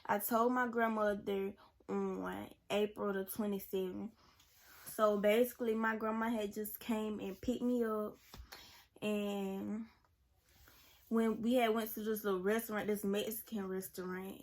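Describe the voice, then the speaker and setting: A young woman, telling a personal story to camera in a rambling, casual way. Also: mid-range voice. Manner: rambling, many "like"s and "y'all"s. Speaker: vlogger. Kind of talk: storytime vlog.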